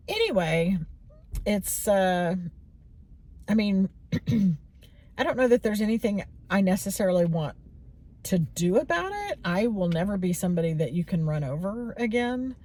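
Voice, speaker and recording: A woman's voice: mid-range voice, lively intonation, measured pace, dark tone. A woman in her forties talking candidly and rambling a little as she reflects on her own feelings in a personal vlog. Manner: candid, rambling, many fillers and restarts. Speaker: vlogger.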